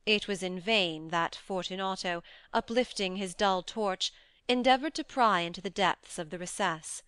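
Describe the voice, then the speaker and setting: Woman, audiobook narrator, measured storytelling, smooth voice, dry close recording. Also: mid-range voice, a bit bright, no room sound. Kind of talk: scripted narration.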